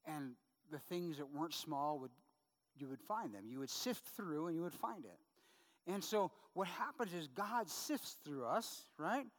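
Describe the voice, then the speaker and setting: High-voiced pastor preaching in a reverberant hall. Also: male voice, animated, measured pace, fairly bright tone. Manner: conversational, tag questions, humorous anecdotes. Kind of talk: sermon.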